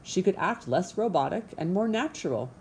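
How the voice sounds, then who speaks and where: Warm-voiced woman reading a storybook. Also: fairly low pitch, slight background noise. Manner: expressive and measured. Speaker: audiobook narrator. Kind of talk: storybook narration.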